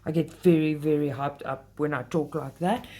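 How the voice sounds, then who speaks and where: A woman's voice: deep voice, steady tone, normal speed, dark tone, slightly rough. A woman hosting a casual craft vlog, talking straight to her viewers and getting heated when she complains. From South Africa. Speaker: cross-stitch channel host.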